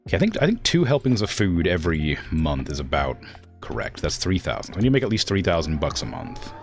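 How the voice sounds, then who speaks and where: A man's voice: deep voice, wildly swooping pitch, fast talker, creaky, soft background music. A young man streaming a farming game and chatting casually, with a blunt, direct way of talking that stresses words hard and can sound accusatory. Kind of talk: casual gameplay commentary.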